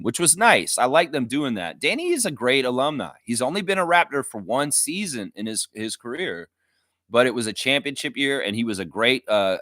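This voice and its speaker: A man's voice: mid-range voice, fairly bright tone, dry recording, clean studio sound. A man hosting a live fan reaction stream, talking casually with strong opinions and reading viewer comments aloud. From United States and Canada. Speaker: fan show host.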